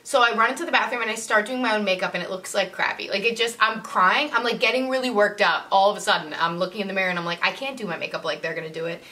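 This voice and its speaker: Bright-voiced woman telling a story. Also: mid-range voice, quick pace, few pauses, far from the mic. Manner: chatty, lots of "like" fillers. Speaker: model and vlogger. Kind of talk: casual storytelling to camera.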